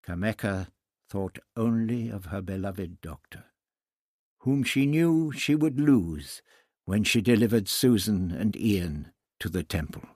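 A male narrator reads a novel in a measured, unhurried way. His voice sits low and has a husky edge, and the recording is dry and close. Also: sing-song, a little mellow, no room sound. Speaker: audiobook narrator. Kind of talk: scripted narration.

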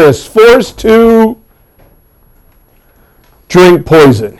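Man, classroom history lecture, animated storyteller, a bit high-pitched. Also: low-quality recording. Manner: animated storytelling with pop-culture asides. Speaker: history teacher.

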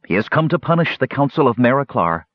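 A man's voice: mid-range voice, big pitch swings, quick pace, no room sound, dull audio, pitched above the performer's own voice, natural voice. A man voicing a uneasy, secretive noblewoman counselor in an audiobook, lifting his voice for her. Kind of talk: audiobook character reading.

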